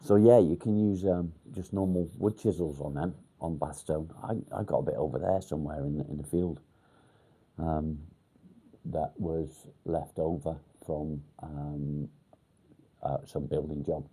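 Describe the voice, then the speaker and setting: Man, low voice, mellow tone, halting, lots of ums, casual swearing, live chat. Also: fairly even intonation, slightly rough. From England, near Warrington. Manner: halting, pauses to think with many ums. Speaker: livestream host.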